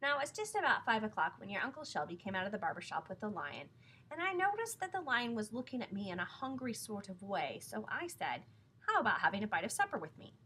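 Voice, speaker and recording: A woman reading a children's book aloud in a playful, expressive way. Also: medium pitch, a little fast, a little hiss or hum. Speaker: narrator.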